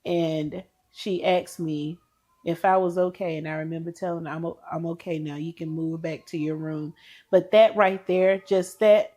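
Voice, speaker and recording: A woman's voice: lowish voice, steady tone, moderate pace, warm tone. A woman co-hosting a podcast, telling an earnest, emotional story about a friend in casual chat. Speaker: podcast co-host.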